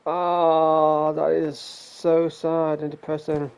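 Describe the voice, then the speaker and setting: A man's voice: a little high, monotone, slow, creaky, a little mellow, smooth. A man hosting casual gameplay commentary, rambling and ranting and swearing freely. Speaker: gaming channel host.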